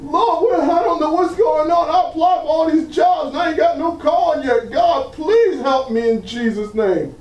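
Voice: sits high, lively intonation, normal speed, few pauses, darkish tone, reverberant, recorded from a distance, muffled recording, voice pushed up. A preacher acting out a desperate man pleading with God for a job, repeating his plea. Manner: pleading, repetitive.

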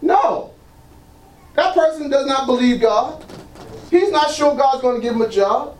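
Slow, lively-pitched preacher. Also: a little hiss or hum. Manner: emphatic, repeats phrases, frequent "praise God"; leads the congregation in answers. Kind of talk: sermon with call-and-response.

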